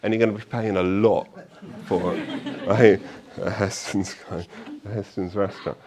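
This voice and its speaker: A man speaking to an audience at a meetup, telling stories in a chatty, animated way with fillers and frequent tag questions. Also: sits low, measured pace. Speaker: conference speaker. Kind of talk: live talk to an audience. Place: meetup event room.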